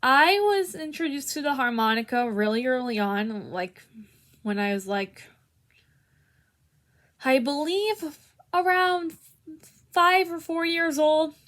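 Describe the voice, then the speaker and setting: A young woman explains a harmonica technique in a casual tutorial. Her voice sits a little high and she talks slowly. She hesitates often and restarts her sentences. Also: a bit bright. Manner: hesitant, many restarts and fillers. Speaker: harmonica teacher.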